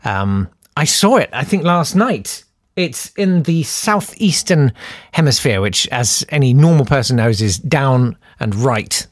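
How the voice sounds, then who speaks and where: A man's voice: medium pitch, expressive, measured pace, no room sound, studio quality. A man hosting a podcast in a casual chat, wry and rambling with jokey asides. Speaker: podcast host. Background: loud music.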